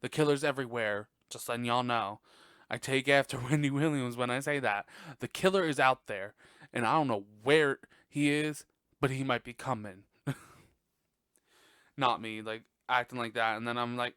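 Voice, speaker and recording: A man rambles through a movie review on his podcast, swearing freely and breaking into laughter. His voice is smooth and clear, mid-pitched, recorded dry and close with no room sound. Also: normal speed, no echo. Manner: profane, animated, laughs often. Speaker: podcast host. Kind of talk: casual movie review chat.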